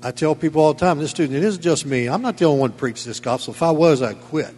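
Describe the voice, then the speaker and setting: A pastor preaching a sermon in a church, emphatic and folksy with chuckling asides. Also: male voice, on the high side, fast, darkish tone, big-room sound, slight background noise. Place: church sanctuary.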